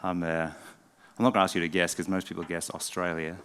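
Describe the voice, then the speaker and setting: English man with a soft southern drawl. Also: sits low, quick pace, slight background noise. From England. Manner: relaxed, self-deprecating, soothing. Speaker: pastor and speaker. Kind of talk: informal talk to a live audience. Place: church event hall. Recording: long hall reverb.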